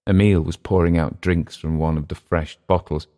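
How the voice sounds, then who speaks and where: Man, very deep voice, storyteller, measured, steady narration. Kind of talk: reading a short story aloud.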